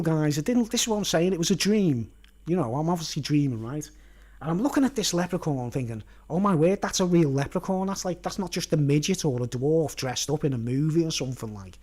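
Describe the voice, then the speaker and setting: A man's voice: high-pitched, darkish tone. A man with an Irish accent vlogging, telling a long dream story in a rambling, chatty way and checking in with his listeners all the time. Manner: chatty, keeps asking "right?" and "you know what I mean".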